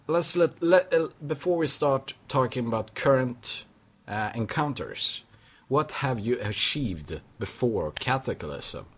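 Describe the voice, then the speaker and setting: Husky guy hosting, hyped, swears, trips over his questions. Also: medium pitch. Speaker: podcast host. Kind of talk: casual voice-chat interview.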